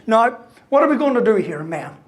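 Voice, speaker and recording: A man's voice: high voice, big pitch swings, a little fast. Man, fifties, comic motivational speaker, anecdotes with a "right?" after every beat. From Ireland. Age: 50s. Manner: storytelling, punchy jokes, keeps tagging "right?". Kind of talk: humorous keynote speech.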